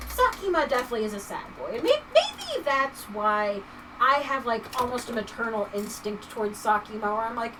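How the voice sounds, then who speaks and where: A woman's voice: fairly high pitch, very animated, brisk, recorded from a distance, background noise. A woman hosting a livestream, chatting casually in a rambling way with lots of filler words while she crafts at home. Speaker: livestream host.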